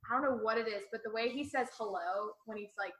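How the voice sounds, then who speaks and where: A woman's voice: fairly high pitch, fast talker, fairly bright tone, roomy sound, low-quality recording. A woman guest on a podcast, chatting casually and saying like a lot. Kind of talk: casual chat.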